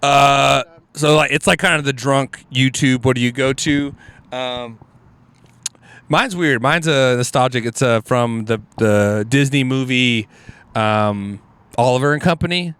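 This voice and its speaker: A man, a comedian guest on a podcast, telling casual stories in an animated, rambling way with lots of fillers and restarts. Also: mid-range voice, measured pace, clean tone.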